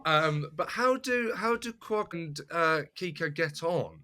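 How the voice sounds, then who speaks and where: A man's voice: on the high side, animated, slow pace, bright, forceful tone. A man hosting a podcast, asking curious questions and stumbling over his words a little. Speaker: podcast host. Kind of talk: casual interview questions.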